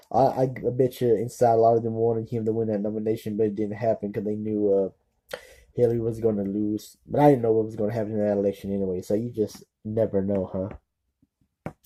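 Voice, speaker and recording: A man chats casually to his viewers in a deep, very dark tone. He talks haltingly, restarts often, and keeps apologizing for his slips. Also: rough recording. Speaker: political vlogger. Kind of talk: casual unscripted commentary.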